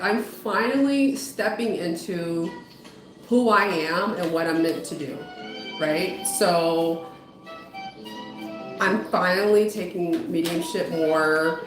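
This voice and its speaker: A woman's voice: fairly low pitch, slow pace, long pauses. A woman, a spiritual medium and psychotherapist, chatting casually with viewers on a livestream while giving tarot readings; she greets people and often trails off and restarts. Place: home, dog heard outside. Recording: roomy sound with music behind.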